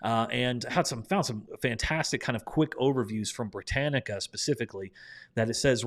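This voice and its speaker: A young man with a Midwestern American accent leads a live-streamed Bible study. He talks in a chatty, upbeat way, with plenty of ums and uhs and a voice in the middle of the male range. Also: mid-range voice. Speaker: Bible class teacher.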